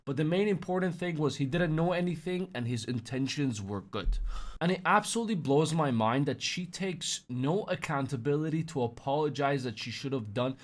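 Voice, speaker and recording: A man's voice: fairly high pitch, expressive, moderate pace. A man hosting a reaction commentary and talking sarcastically and mockingly about the clips he plays. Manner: sarcastic, mocking, breaks into loud put-on quotes. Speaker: commentary host.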